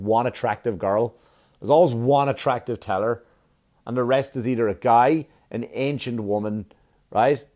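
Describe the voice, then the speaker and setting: A man's voice: lowish voice, darkish tone. Man, comedian, ranting monologue, swears a lot, acts out dialogue, podcast mic. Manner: ranting, profane, self-mocking, with acted-out dialogue. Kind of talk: stand-up style comic monologue.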